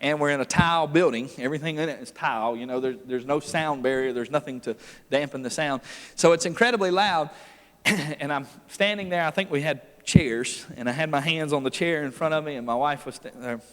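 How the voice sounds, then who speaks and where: A man preaching a revival sermon, telling folksy stories with frequent laughs and building to loud, forceful preaching. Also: a little high, fairly quick. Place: church sanctuary. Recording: long church hall reverb.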